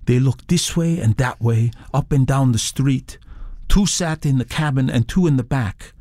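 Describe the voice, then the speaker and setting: A man's voice: medium pitch, normal speed, mellow, no echo, studio quality, close to an everyday voice. A man reading the quoted words of a young male eyewitness, a mechanic, in a plain recounting manner.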